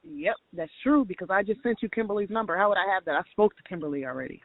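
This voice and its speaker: A man's voice: high-pitched, expressive, quick pace, dry recording. A man on a phone call, speaking emphatically, backing the other speaker up and denying accusations. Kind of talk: heated phone conversation. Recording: tinny dry phone line.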